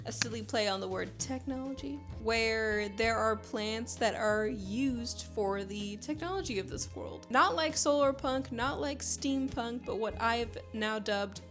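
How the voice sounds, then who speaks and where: A young woman novelist from Panama talks through her book ideas in a chatty, rambling way, full of fillers and enthusiasm. Her voice sits high, and she records from her home computer room with faint music underneath. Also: measured pace, few pauses, fairly bright tone. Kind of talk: chatty writing vlog.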